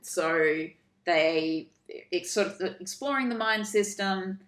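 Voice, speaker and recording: A woman co-hosting a podcast, casually retelling a made-up story and jumping into quick voices for its characters. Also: medium pitch, a bit bright, roomy sound. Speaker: podcast co-host.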